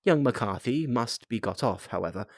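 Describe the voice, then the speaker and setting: A man voicing a calm, sharp-minded male detective in a storybook reading, explaining step by step. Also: medium pitch, moderate pace, no echo, studio quality.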